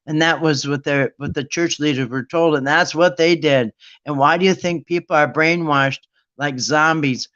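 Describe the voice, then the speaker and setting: Sarcastic ranting man, slightly high voice. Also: measured pace, a bit bright, lo-fi sound. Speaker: bible study host. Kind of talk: casual opinionated monologue.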